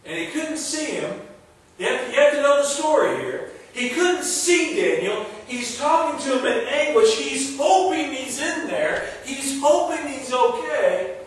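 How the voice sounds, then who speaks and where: A man's voice: very high-pitched, lively intonation, measured pace. A male pastor delivering a sermon, preaching emphatically with repeated refrains and casual asides. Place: large church sanctuary. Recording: very echoey hall from far off, faint noise.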